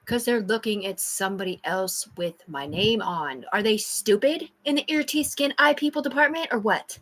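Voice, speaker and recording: A woman's voice: medium pitch, normal speed, fairly bright tone. A woman talking to her livestream in a rambling, agitated, heavily profane rant.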